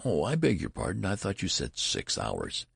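A man voicing a curious, fussy male store clerk who speaks in a brisk, puzzled way. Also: deep voice, huge pitch swings, vocal fry, slightly rough, no room sound, studio quality, full character voice.

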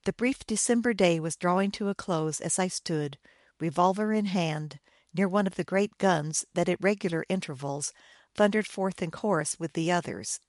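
A woman reading a first-person war story aloud, in a measured, grave storytelling manner. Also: lowish voice, dry recording, clean studio sound. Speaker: audiobook narrator.

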